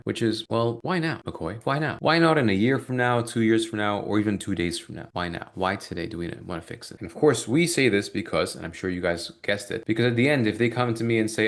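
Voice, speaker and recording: A man coaching a live sales training on a video call, talking fast and energetically and acting out sales conversations. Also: lowish voice.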